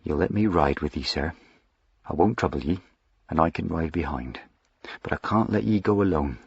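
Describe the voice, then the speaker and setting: A man voicing a soft-spoken loyal rustic servant. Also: rumbling low, animated, normal speed, vocal fry, slightly rough, dry recording, muffled recording, heavily acted. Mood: quiet, earnest. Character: quiet devoted male servant, rustic, loyal. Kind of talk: audiobook character voicing.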